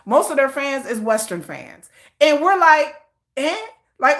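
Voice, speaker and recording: A bright, sharp-toned woman chats on a casual livestream. Her pitch sits high and swings widely as she riffs in slang. She laughs often and keeps the talk loose and animated. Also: moderate pace. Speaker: livestream host.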